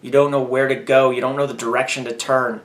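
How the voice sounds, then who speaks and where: A man's voice: mid-range voice, flat delivery, brisk, a bit bright. A man talking candidly in a personal vlog, venting and growing heated and emphatic as he goes. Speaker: vlogger.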